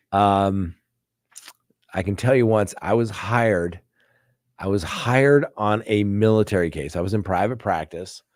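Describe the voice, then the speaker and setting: A man who hosts a live stream and, as a former defense lawyer, tells animated anecdotes, acting out what people said. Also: lowish voice, dry recording, clean studio sound. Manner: animated, anecdotal, acts out quotes. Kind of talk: casual live-stream storytelling.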